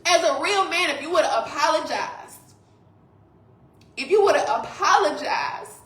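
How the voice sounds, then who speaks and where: A woman's voice: high voice, lively intonation, normal speed, a bit bright, echoey room. A woman in tears, swearing and speaking straight to her viewers in an emotional confessional rant. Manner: tearful, swearing, addresses audience directly. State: crying. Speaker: vlogger.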